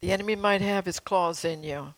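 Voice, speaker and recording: A woman's voice: on the low side, fairly quick, no room sound, rough recording. An older woman preaching in a folksy, emphatic way, repeating phrases and asking her listeners questions. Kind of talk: sermon with prophecy.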